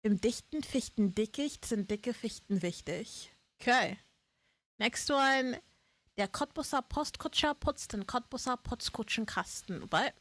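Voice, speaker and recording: A woman's voice: a little high, lively intonation, unhurried, a bit bright. A woman streaming live in casual chat, playful, laughing often and swearing freely.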